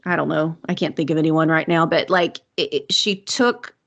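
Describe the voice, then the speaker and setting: A woman's voice: deep voice, normal speed, gravelly, a bit bright, muffled recording. A woman with a Southern US accent, co-hosting a podcast in a chatty, rambling way and laughing often. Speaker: podcast co-host. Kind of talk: casual chat.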